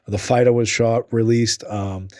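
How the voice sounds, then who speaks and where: A man's voice: mid-range voice, fairly even intonation, measured pace, darkish tone, dry recording, studio quality. A man hosting a podcast, telling stories animatedly, swearing and acting out quotes. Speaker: podcast host. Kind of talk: casual storytelling interview.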